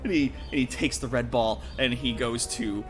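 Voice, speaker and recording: A man's voice: medium pitch, moderate pace, faint music behind. A man running a tabletop game as game master, narrating with lots of fillers and laughter. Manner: animated, laughing, filler-heavy.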